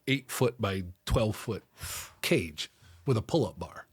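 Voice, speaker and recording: A man's voice: on the low side, expressive, slow pace, breathy edge, dry recording. A middle-aged man in a candid interview, earnestly recounting his past and acting out conversations with raised voices. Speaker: interview guest.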